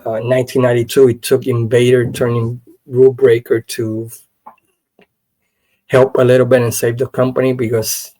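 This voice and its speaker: A man hosts a casual history podcast and tells his story in an animated, rambling way. His voice sits in a mid register, and he leans on "you know" as he goes. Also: mid-range voice, normal speed, low-quality recording. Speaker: podcast host. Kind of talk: casual wrestling history commentary.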